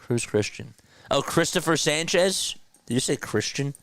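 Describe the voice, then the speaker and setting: A man's voice: on the high side, expressive, measured pace, a bit bright, no echo. A man hosting a casual sports livestream, chatting loosely and reading viewer comments aloud from a home streaming setup. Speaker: play-by-play livestream host. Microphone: podcast mixer setup.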